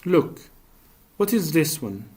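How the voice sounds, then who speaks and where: Male teacher, patient classroom voice, unhurried, asks and answers his own questions. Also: fairly high pitch, big pitch swings, a little mellow. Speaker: English teacher. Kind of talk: classroom grammar lesson.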